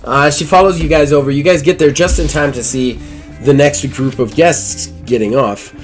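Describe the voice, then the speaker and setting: A man's voice: fairly high pitch, moderate pace, faint music behind. Rambling tabletop game master man. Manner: casual, rambling, many fillers.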